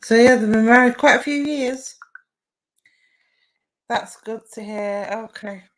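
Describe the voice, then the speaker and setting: With a fairly high voice and a measured pace, a young woman chats with her live stream audience over poor-quality audio. She offers psychic readings and responds warmly to comments, using many fillers.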